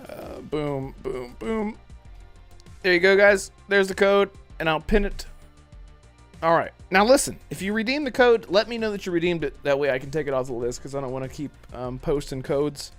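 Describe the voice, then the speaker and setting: A man's voice: on the high side, a little fast, soft background music. A man hosting a casual gaming podcast livestream, reading chat messages aloud and laughing often. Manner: animated, laughs often, acts out movie lines.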